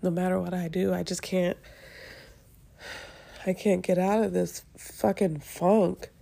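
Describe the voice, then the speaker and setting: A woman hosting her own podcast, venting in a halting, profane, frustrated way while near tears and congested. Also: lowish voice, flat delivery, vocal fry, warm tone. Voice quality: congested from sinus trouble. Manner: halting, profane and frustrated, with many restarts and trailing pauses. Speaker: podcast host. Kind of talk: emotional solo podcast venting.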